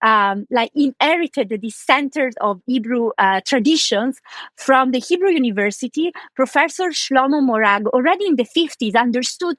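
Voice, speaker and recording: Woman reporter explaining stuff on a podcast, kinda high voice, lots of "like", dry close sound. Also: expressive, moderate pace, a bit bright, no echo. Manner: chatty explainer, frequent "like" fillers. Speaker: archaeology reporter. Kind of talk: explaining as a guest on a news podcast.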